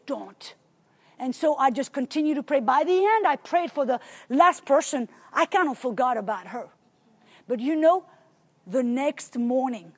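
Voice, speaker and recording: A woman preacher gives a sermon-style teaching in a high, bright-sounding register. She tells her story with animation, pushing her emphasis up on key phrases.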